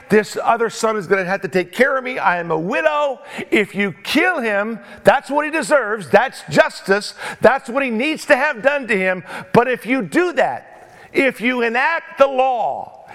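A preacher acting out a pleading, flattering widow. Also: male voice, very high voice, heavily acted.

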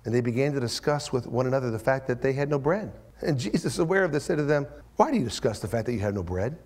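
A man preaching a verse-by-verse sermon as pastor, dropping to hushed whispers and then rising into loud, high-pitched emphasis as he acts out the voices in the text. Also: lively intonation, fast. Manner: acts out quoted voices with strong pitch jumps. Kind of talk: expository sermon.

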